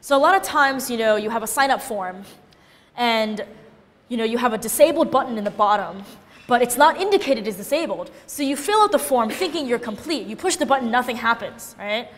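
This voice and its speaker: A woman giving a casual, animated classroom lecture, often checking in with her listeners by asking "right?". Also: a little high, fairly quick, long reverb tail.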